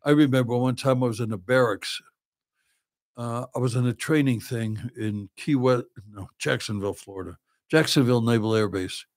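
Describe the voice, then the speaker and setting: A man in his seventies, a podcast guest, telling lively stories with lots of laughing and swearing. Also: mid-range voice, moderate pace. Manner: animated, laughs often, swears freely. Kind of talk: casual storytelling.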